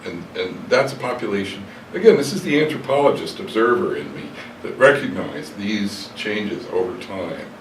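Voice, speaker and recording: An older man with a low voice tells long stories from his past, hesitating and correcting himself as he goes. He sounds set back from the mic in an echoey room, with a faint hiss underneath. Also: animated, normal speed, hardly any pauses, recorded from a distance. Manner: rambling, hesitant, with many fillers and self-corrections. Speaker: interviewee. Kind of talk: reflective storytelling interview. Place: hotel room.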